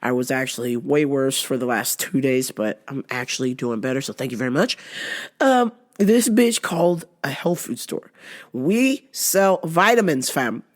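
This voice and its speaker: A woman vlogger ranting through a workplace story, profane and animated, hoarse from a cold. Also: extremely low pitch, normal speed. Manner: profane, animated, laughing often. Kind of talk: casual storytelling rant.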